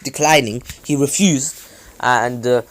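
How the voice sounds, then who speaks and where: A man's voice: medium pitch, measured pace, fairly bright tone. A man casually recapping a fan-made story, rambling with many fillers and self-corrections.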